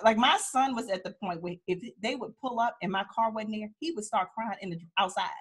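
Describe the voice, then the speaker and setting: A woman's voice: mid-range voice, fairly quick, husky. A woman attorney, a guest, sharing personal stories in a candid, heartfelt way with many restarts. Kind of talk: emotional personal storytelling in a conversation.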